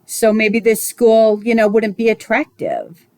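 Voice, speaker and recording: A woman giving a recorded spiritual lesson as its teacher, talking in a measured, musing way with small digressions. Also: fairly high pitch, wildly swooping pitch, darkish tone, no room sound, rough recording.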